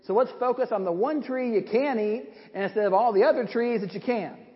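A man's voice: extremely high pitch, a little fast, voice pushed up. A man voicing a sly, scheming male serpent who coaxes and wheedles. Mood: coaxing. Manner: coaxing, wheedling. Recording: dull lo-fi sound with long hall reverb.

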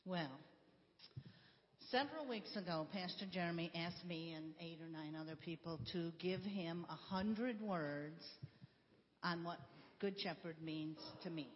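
A woman's voice: fairly low pitch, unhurried. Woman telling her testimony in a hall. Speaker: church member giving testimony. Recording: dull audio in a reverberant sanctuary.

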